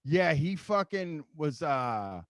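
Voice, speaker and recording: A man hosting a podcast, rambling and profane, riffing with an amused edge. His voice sits a little higher than most men's. The sound is dry and close. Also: sing-song, slow pace, dry recording. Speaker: podcast host. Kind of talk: casual chat.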